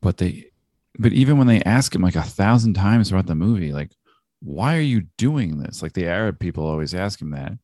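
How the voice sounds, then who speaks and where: A man's voice: low-pitched, a little fast, warm tone, no echo, studio quality. A man in a casual film discussion, talking animatedly and acting out quoted lines, laughing often.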